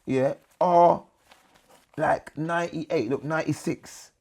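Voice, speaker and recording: Guy, high gravelly husky voice, slangy casual interview chat. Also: fairly even intonation, takes it slowly, a little mellow. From England. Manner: slangy street talk, repeats 'you understand'. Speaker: MC, guest.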